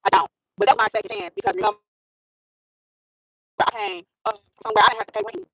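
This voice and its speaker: A woman's voice: mid-range voice, level tone, quick pace, a bit bright, breathy edge, no room sound, poor audio. A woman vlogger with a school-age son, telling her own story in a casual monologue and repeating phrases for emphasis. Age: adult with a school-age son.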